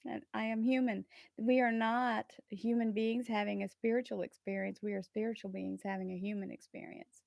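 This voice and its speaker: Animated spiritual woman chatting. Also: mid-range voice, normal speed, vocal fry, no echo, studio quality. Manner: earnest, spiritual, animated, laughs often. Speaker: tarot reader and channel host. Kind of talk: casual livestream chat.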